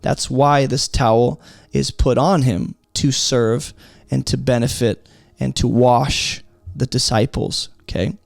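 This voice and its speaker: A man's voice: medium pitch, steady tone, slow, gravelly, no echo. A man teaching through a Bible passage in an emphatic, explanatory way, often asking rhetorical questions.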